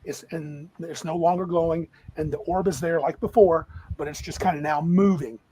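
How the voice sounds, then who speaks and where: A man running a tabletop game as game master, describing scenes in a lively, rambling way. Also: on the high side, normal speed, a little hiss or hum, poor audio.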